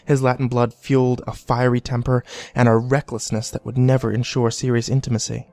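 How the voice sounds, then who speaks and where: A man reading a scripted horror story in a measured, deliberate way. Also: mid-range voice, flat delivery, darkish tone, no echo. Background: faint background music.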